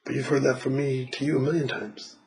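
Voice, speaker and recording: A man's voice: mid-range voice, little pitch movement, quick pace, a little mellow, low-quality recording. A man giving a casual spiritual reading to a client, blunt and swearing, often laughing and acting out what people say. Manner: blunt, swears freely, laughs, acts out quotes. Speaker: spiritual reader.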